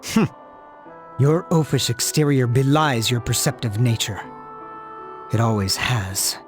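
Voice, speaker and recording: A man playing a cold, proud young knight in a video game. He speaks formally and in a measured way, his pitch moving widely as he stays aloof. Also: animated, soft background music, close to an everyday voice.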